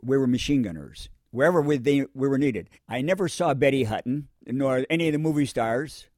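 A man's voice: medium pitch, expressive, fairly quick, darkish tone, no echo, studio quality. Older man telling war stories. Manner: rambling, repeats himself, acts out quotes. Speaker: WWII Marine veteran interviewee. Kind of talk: oral history interview, storytelling.

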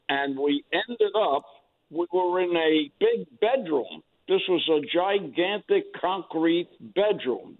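Older male veteran, oral history interview, plain halting delivery, lo-fi telephone sound. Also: mid-range voice. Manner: plain, halting storytelling with pauses. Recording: tinny phone-like line.

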